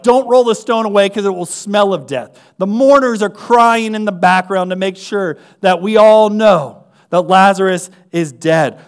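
A man preaching a sermon, moving between hushed near-whispers and loud, fervent emphasis, building with repeated phrases. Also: sits high.

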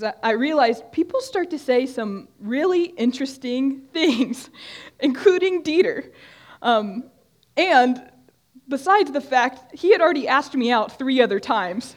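A young woman giving a conversational Bible talk to a group, often restarting her sentences. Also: sits high. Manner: conversational, with frequent restarts and fillers. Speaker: student ministry speaker. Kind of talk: sermon-style Bible teaching. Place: room with a group of listeners.

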